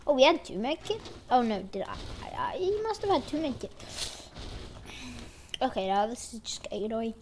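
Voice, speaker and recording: A woman's voice: on the high side, sing-song, moderate pace, long pauses, a little mellow, slight background noise. A woman giving playful, rambling commentary over her own gameplay. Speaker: gaming channel host.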